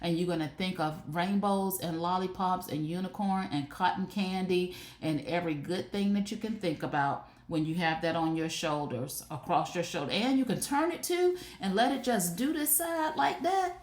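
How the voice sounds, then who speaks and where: A woman hosting a live shopping stream, talking to her viewers in a chatty, animated way. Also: lowish voice, normal speed, few pauses. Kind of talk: casual live stream product chat. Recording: roomy echo.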